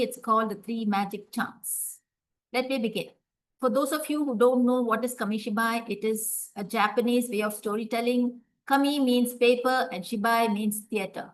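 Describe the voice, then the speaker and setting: A woman from India, telling a folktale expressively with drawn-out words and dramatic pauses. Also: on the high side, rough recording. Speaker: storyteller. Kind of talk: folktale storytelling.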